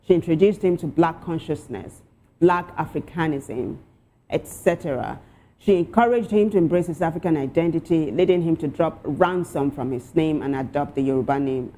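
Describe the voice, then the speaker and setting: A woman hosts a talk show, reading viewers' posts aloud. Her voice sits a little low and mellow, and she keeps a lively, chatty delivery with quick asides. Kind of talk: presenting and reading social media posts.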